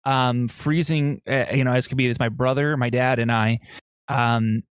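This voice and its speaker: A man at a middle pitch tells a story on a podcast in loose, halting bursts, circling back with fillers and restarts. He sounds excitable, and his voice is close and completely dry, with no room sound at all. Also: smooth, no echo. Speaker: podcast co-host. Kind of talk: casual chat, storytelling.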